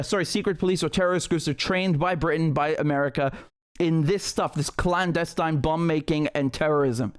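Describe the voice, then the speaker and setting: A man hosting a live stream, commenting on news footage in an indignant, emphatic way with frequent swearing. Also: fairly high pitch. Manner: many fillers and restarts while ranting.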